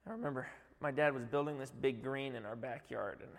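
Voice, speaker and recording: A man's voice: medium pitch, fairly quick, big-room sound. A man, a youth director, giving a heartfelt church testimony, rambling with many fillers.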